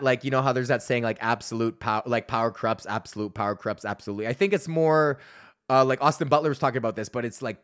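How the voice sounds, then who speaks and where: A man in his thirties tells comedy-road stories on his podcast, rambling and swearing freely and laughing at his own jokes. His voice sits at an ordinary middle pitch. It is recorded close and very dry, with no room sound. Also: fairly bright tone, dry recording. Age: 30s. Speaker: podcast host and stand-up comedian. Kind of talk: casual storytelling monologue.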